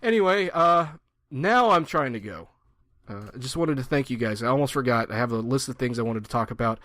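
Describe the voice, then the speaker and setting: A man's voice: medium pitch, expressive, a little fast, fairly bright tone, dry recording, clean studio sound. A man in his twenties giving rambling, joking gameplay commentary and mocking himself. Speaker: gaming channel host.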